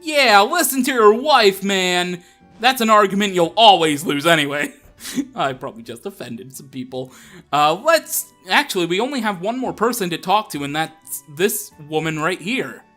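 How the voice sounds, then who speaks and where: A man's voice: high voice, big pitch swings, moderate pace, pushed and bright, faint music behind. A young man hosting a Let's Play, chatting casually and laughing as he plays. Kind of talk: casual gameplay commentary.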